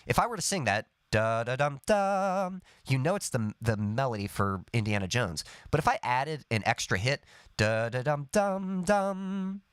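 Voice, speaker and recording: A man of middle pitch teaches songwriting on a live stream and explains things patiently. He hums and sings little melody snippets as examples. The sound is close and dry, with no room around it. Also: fairly bright tone, no room sound. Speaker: songwriting coach.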